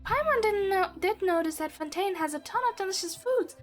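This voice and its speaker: Woman putting on a squeaky fairy sidekick, Paimon. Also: animated, brisk, soft background music. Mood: chirpy. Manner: chirpy, squeaky and eager. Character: tiny excitable female fairy companion.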